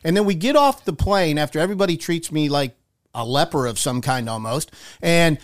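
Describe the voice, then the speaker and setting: A man co-hosting a radio talk show, telling a wry, animated story in casual chat. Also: fairly high pitch, a little fast.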